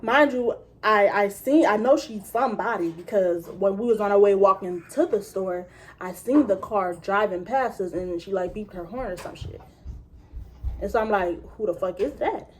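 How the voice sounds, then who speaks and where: A woman's voice: mid-range voice, moderate pace. A young woman vlogger casually retelling a personal story, swearing freely and acting out what people said. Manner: casual, profane, animated retelling with quoted voices. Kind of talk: storytime vlog.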